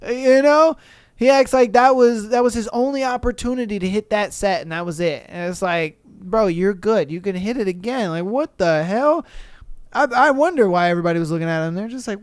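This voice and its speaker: A young man hosts a solo podcast, reading out gym stories and reacting with casual, profane exasperation. His voice is smooth and clear. It sits close on the mic with no room sound. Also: sits high, no echo. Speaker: podcast host.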